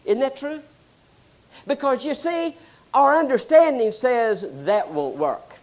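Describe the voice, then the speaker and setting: A man preaching a sermon, explaining scripture and telling animated stories. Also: extremely high pitch, takes it slowly. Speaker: pastor.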